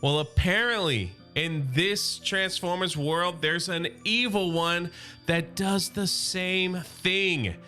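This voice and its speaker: A man's voice: sits high, steady tone, slow pace, pushed and bright, faint music behind. A man hosting a casual, enthusiastic comic recap, chatty and full of filler words. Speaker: YouTube host recapping a comic series.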